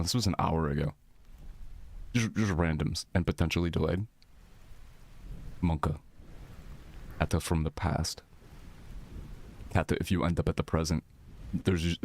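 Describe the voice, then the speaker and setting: Low-voiced streamer rambling to chat. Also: male voice, gravelly. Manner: rambling, profane, reacting to chat. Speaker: live streamer. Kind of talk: casual chat with live viewers.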